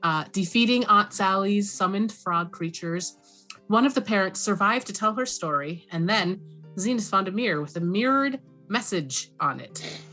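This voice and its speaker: A woman narrating a tabletop game as dungeon master, halting with many fillers. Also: mid-range voice, expressive, pushed and bright, soft background music.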